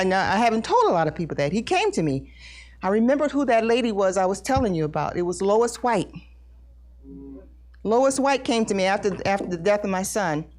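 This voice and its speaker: A middle-aged woman giving an emotional personal testimony at a Bible study, earnest and halting, repeating words as she talks. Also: medium pitch. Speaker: congregation member sharing testimony.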